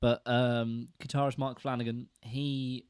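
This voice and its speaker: A man's voice: medium pitch, level tone, measured pace, a little mellow, clean tone, dry recording, studio quality. A young man co-hosting a music podcast, agreeably chatting and telling stories. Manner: easygoing storyteller, agreeable. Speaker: podcast co-host. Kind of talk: casual chat on a live stream.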